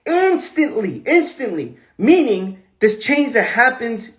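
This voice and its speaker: Guy with a high voice doing a rambling pep talk on a phone live stream, repeats himself a lot. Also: lively intonation, a little slow. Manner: emphatic, repetitive, rambling. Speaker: host. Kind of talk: casual motivational talk on a social media live stream.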